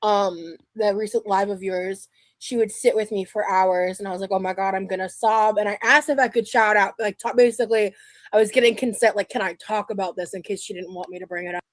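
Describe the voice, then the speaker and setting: A woman's voice: medium pitch, steady tone, fairly quick, no echo. A young adult woman streaming live, chatting casually and rambling with restarts and fillers.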